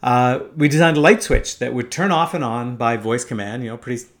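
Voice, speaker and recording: A man's voice: medium pitch, a little fast. A man in his fifties from Canada, telling a first-person story in a wry, casual way, swearing freely. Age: 50s.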